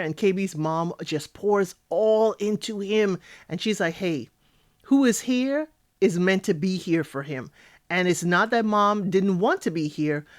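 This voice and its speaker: A woman hosting a casual reality TV recap, talking in an animated, outspoken way with sassy asides. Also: on the low side, no echo, clean studio sound.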